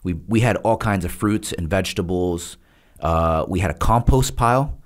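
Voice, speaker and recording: A man's voice: deep voice, normal speed. A man guest on a casual interview, telling a story with laughs and acted-out quotes. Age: adult with a wife, past childhood. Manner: animated storyteller, laughs often, acts out quotes. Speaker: podcast guest.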